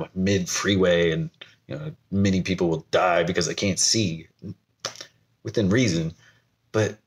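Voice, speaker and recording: A young man from the United States talking candidly to camera in a vlog, rambling and laughing at himself. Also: fairly low pitch. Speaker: vlogger. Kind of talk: personal talk to camera.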